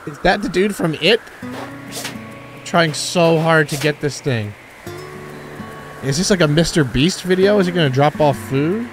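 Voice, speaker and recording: Young male let's-player, excitable and profane, slightly high voice, game music under him. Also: measured pace, long pauses. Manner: excitable, swears, thinks aloud. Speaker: gaming channel host. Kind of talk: let's play commentary.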